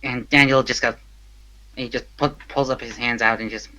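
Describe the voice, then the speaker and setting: A man narrating a tabletop game as game master in a casual, halting way. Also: mid-range voice, fairly even intonation, bright, forceful tone, poor audio.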